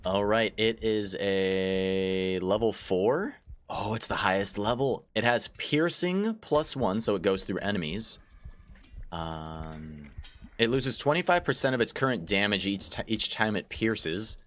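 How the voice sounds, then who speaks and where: A man's voice: lowish voice, animated, measured pace, a bit bright, a little hiss or hum. A man giving casual let's-play commentary while gaming, chatty, laughing often and repeating words as he goes. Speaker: gaming YouTuber.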